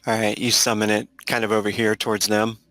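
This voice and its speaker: A man narrating a tabletop session as game master, his voice low and gravelly with a bright, edgy tone. He speaks slowly in a flat, even line. The sound is close and dry. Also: no echo. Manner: halting, laughs often between rulings.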